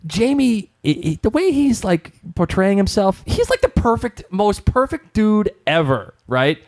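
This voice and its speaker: A young man co-hosting a podcast in casual chat, excitable and slangy, often tripping over his words. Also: sits high, a little slow, no room sound, studio quality. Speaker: podcast co-host.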